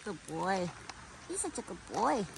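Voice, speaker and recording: A woman's voice: mid-range voice, big pitch swings, measured pace, creaky. Cooing woman vlogging outdoors in wind. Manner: cooing baby talk to an animal between asides to camera. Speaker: vlogger feeding a pet deer. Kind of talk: casual outdoor vlog chat. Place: outdoors in a windy yard. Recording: faint wind and outdoor noise.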